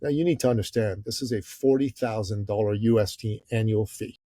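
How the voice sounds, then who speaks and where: With a fairly low pitch and slightly quick delivery, a middle-aged Iranian entrepreneur tells a podcast story, acting out its characters with animation. There's no echo in the recording.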